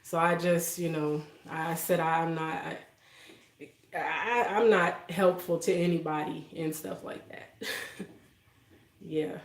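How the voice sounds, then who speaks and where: A woman's voice: low-pitched, steady tone, slow pace, long pauses. Emotional woman chatting in a roomy kitchen. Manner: emotional, soft-spoken, laughs often. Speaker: livestream host. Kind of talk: casual live-stream chat with viewers. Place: home kitchen.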